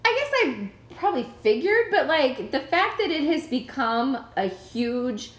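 A woman in her forties chatting on a podcast, her voice sitting high and swinging widely in pitch. She talks in an animated, playful way and laughs easily. The recording has a noticeable roomy echo. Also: a little slow. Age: 40s. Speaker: podcast co-host. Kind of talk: casual chat. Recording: echoey room.

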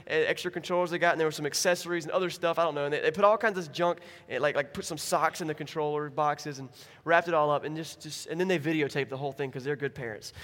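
A pastor with a fairly high voice preaches a sermon in a church, where his voice carries through a large hall. He tells stories animatedly, acting out the people in them and their quotes.

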